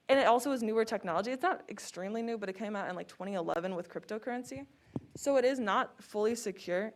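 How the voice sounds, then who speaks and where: A young woman presenting at a student security conference, speaking casually with frequent fillers. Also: fairly high pitch. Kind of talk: conference talk.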